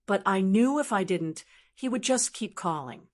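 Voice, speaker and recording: An older woman in her sixties telling a first-person story in a calm, measured way. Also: medium pitch. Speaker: narrator.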